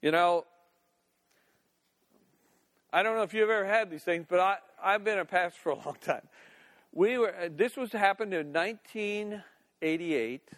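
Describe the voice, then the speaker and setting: An older man gives a sermon in a fairly high voice. He moves between reading scripture and chatty, down-to-earth comment. He acts scenes out in different voices as he goes. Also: moderate pace, long pauses, a bit bright. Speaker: pastor.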